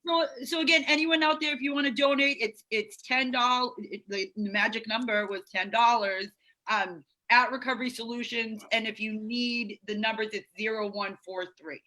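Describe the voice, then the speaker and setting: A woman's voice: fairly high pitch, moderate pace, sharp tone, low-quality recording. A woman hosting an online meeting on a video call, chatty, reading out comments with plenty of fillers. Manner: chatty, reads out viewer comments, many fillers. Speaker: host of an online recovery meeting.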